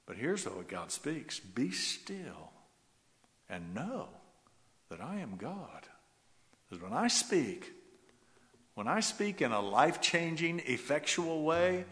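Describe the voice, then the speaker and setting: Low-voiced man preaching in a reverberant hall. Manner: swings from loud rising exhortation to hushed soft passages. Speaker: pastor. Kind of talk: sermon.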